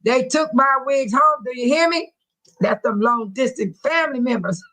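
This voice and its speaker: A woman's voice: sits high, normal speed, sharp tone, rough recording. A woman in her sixties hosting a livestream in casual chat, talking bluntly and telling stories with frequent laughs. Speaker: livestream host speaking to viewers.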